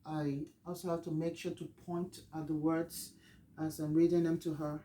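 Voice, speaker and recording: A teacher walks through a reading lesson plan. The delivery is halting and explanatory, with frequent pauses to gather thoughts. The voice sits at a middling pitch. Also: little pitch movement, warm tone, poor audio.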